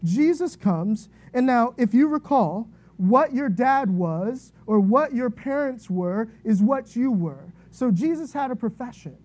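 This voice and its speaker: A woman preaching a sermon in a relaxed, conversational way, telling an illustrative story and often checking in with "right?". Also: on the high side, unhurried, hardly any pauses.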